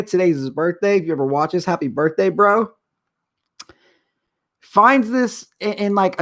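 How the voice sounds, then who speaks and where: Middle-aged guy ranting on his stream, worked up, rambles all over. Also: fairly high pitch. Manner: agitated, rambling, animated. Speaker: show host. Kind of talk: casual live-stream rant.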